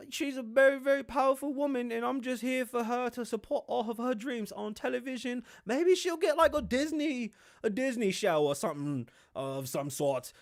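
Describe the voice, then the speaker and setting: A man doing a mocking impression of an anxious royal man with a high, wavering, forced-cheerful voice.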